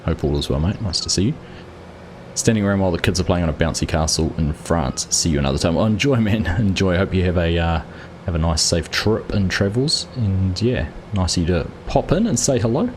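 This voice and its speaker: A man's voice: low-pitched, animated, fairly quick, a little mellow, slight background noise. A man hosting a live farming game stream, chatting casually and greeting viewers by name while he plays. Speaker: livestream host. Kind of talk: casual gameplay commentary.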